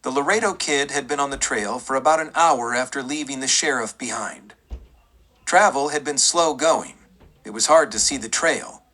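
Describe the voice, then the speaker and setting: A man reading a western audiobook in a steady, measured storytelling manner. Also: mid-range voice. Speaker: audiobook narrator. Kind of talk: scripted western audiobook narration.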